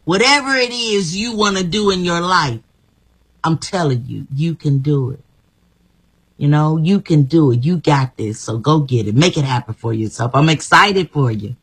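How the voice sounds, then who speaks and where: A woman's voice: sits low, lively intonation, normal speed, slightly rough. A woman guest giving an emphatic, encouraging personal testimony, often repeating her phrases. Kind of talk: motivational testimony.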